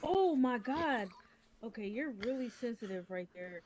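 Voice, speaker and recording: A woman playing a calm, polite female doctor in a game role-play, pausing with ums now and then. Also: a little high. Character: patient female doctor at a clinic.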